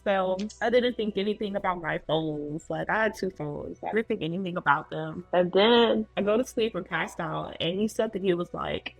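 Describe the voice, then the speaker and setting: A woman recounting a personal story in a relaxed, conversational way, with a lot of filler words. Her voice has a gravelly, vocal-fry edge. The recording is dry and close, with faint music underneath. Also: on the low side, no echo, rough recording. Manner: loose and conversational, full of "like" fillers. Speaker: guest sharing her story.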